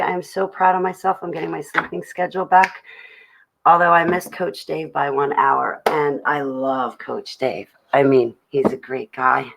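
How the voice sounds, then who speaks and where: A woman's voice: sits low, vocal fry, poor audio. A young adult woman hosting a livestream, rambling chattily about her day and greeting viewers in the chat. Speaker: livestream host.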